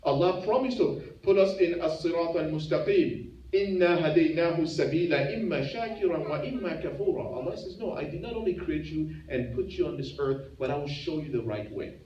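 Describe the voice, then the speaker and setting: A man's voice: a little high, expressive, a little fast, warm tone. A man, an imam giving a Friday sermon, preaching with rhetorical questions and acting out the boasts of proud rulers. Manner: impassioned, rhetorical questions, acts out the tyrants' boasts. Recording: roomy, muffled, mic at a distance.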